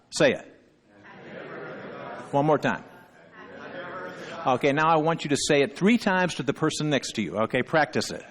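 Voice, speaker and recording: A man's voice: fairly high pitch, expressive, brisk, in a large hall. A male pastor preaching a sermon, emphatic, often checking in with his listeners and repeating key phrases. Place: church sanctuary.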